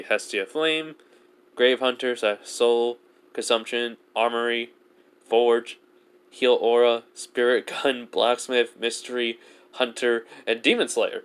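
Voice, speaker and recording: A man's voice: mid-range voice, fairly even intonation, takes it slowly, a bit bright, smooth. A man narrating a self-insert fan story off the cuff, rambling and full of filler words.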